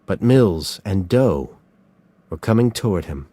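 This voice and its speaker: A man narrating a story in a slow, scripted reading. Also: fairly low pitch, animated, darkish tone, no echo.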